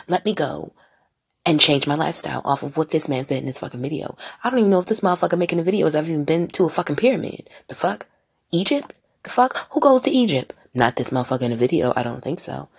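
Profane woman with a low, gravelly voice. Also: fast talker. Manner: profane, rambling, animated with mocking voices. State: partially high. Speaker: podcast host. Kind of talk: casual solo podcast rant.

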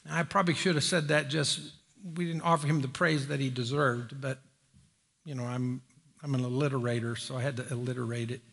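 A middle-aged man preaching a sermon in a church, folksy and joking, climbing higher when he presses a point. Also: steady tone, a little fast, creaky, fairly bright tone. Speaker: pastor. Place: church sanctuary.

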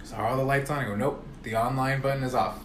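Animated storytelling man in an echoey room. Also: medium pitch, quick pace, a little hiss or hum. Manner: animated, swears freely, acts out both sides of calls. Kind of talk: casual storytelling among friends.

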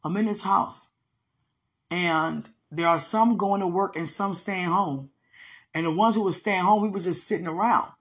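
A woman's voice: fairly low pitch, moderate pace. A woman preaching in an emphatic, conversational way, teaching from a dream with repeated phrases. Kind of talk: sermon-style teaching about a dream.

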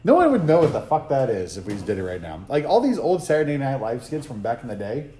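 Joking man with a lively voice. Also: medium pitch, fast. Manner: joking, swears freely, laughs often. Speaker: trivia game co-host. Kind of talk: casual drinking-game chat. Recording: roomy room with faint noise.

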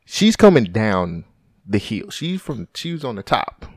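A man telling a story in casual chat, animated and acting out the voices of the people in it, swearing often. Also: on the low side, measured pace, no echo, clean studio sound. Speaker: podcast co-host.

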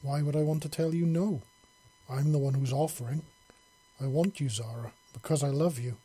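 A man's voice: medium pitch, moderate pace, dark tone, slightly rough. A man voicing an earnest young human man in love, speaking in a heartfelt way.

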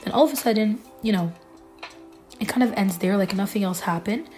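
A woman telling a scary personal story in a casual, halting way, with many fillers and restarts. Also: medium pitch, a little mellow. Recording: faint music underneath.

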